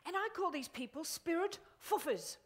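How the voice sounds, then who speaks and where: A middle-aged woman giving a live motivational keynote to a conference audience, animated and exclamatory. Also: very high voice, normal speed, slight background noise. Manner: animated, exclamatory, quotes others in funny voices. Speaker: motivational speaker. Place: conference hall before an audience.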